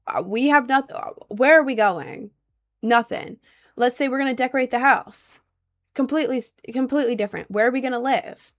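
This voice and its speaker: A woman's voice: a little high, fairly quick. A young woman talks casually to her stream audience, answering their questions. She rambles and fills her sentences with "like" and "um". Her delivery is loose and conversational. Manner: rambling, heavy use of "like" and "um".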